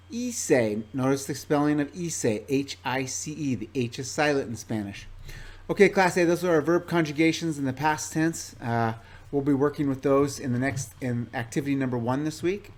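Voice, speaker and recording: Male teacher, mid-pitched, patient, spells out word lists clearly for a class. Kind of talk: recorded classroom presentation. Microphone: own microphone in front of him.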